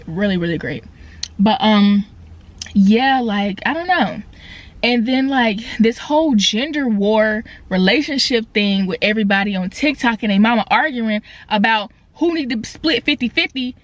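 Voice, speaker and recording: A young woman talks into her phone camera, pitched a little high, telling a casual storytime rant. She is animated and slangy, with quick asides and sudden swings between loud and quiet. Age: young adult. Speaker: vlogger. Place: indoors, in her car.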